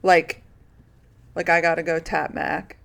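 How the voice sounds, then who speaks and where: A woman's voice: lowish voice, little pitch movement, unhurried, gravelly, fairly bright tone. A woman with a Delaware County Philadelphia accent, co-hosting a podcast and teasing and quizzing her co-host in casual chat.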